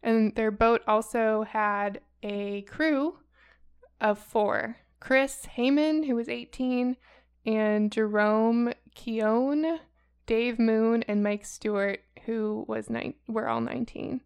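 Chatty young woman with a smooth voice. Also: on the high side, slow pace, darkish tone. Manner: chatty, hesitant, laughs often. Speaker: podcast co-host. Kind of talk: casual true crime podcast storytelling.

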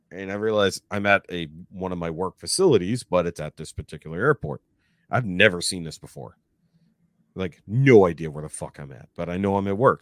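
Deep-voiced man telling a profane story. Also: no echo, clean studio sound. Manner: profane, animated retelling with acted-out quotes. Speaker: podcast guest. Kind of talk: casual storytelling.

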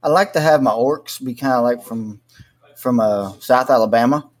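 A man's voice: medium pitch, moderate pace. A man from Mississippi, a podcast guest in casual chat, laid-back with dry humor.

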